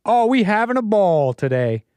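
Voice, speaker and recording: A man's voice: sits high, sing-song, fast, no echo, voice pushed up. A man putting on an exaggerated, self-mocking Southern drawl caricature. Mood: hammy.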